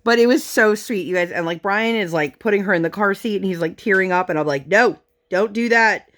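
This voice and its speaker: A woman's voice: mid-range voice, fast. Chatty woman telling family stories. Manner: chatty storytelling with fillers and laughs. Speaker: crafting vlogger. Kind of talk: casual chat while crafting.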